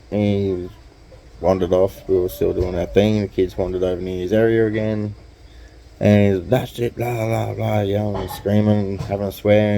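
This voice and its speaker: Australian male vlogger spinning a yarn: easygoing and slangy, with a low and very warm voice. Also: a little hiss or hum, low-quality recording. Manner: laid-back, chatty, slangy. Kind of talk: casual storytelling.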